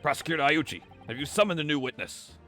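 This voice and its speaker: A man's voice: a little high, animated, fast talker, fairly bright tone, faint music behind, voice pushed up. A man voicing a formal older male judge in a fan dub, speaking in a stately way.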